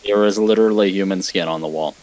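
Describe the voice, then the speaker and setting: A man with a low, deep voice, chatting casually as a player at a tabletop game. He talks in an easygoing way and explains his choices as he goes. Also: fast talker, a little mellow, no room sound, rough recording.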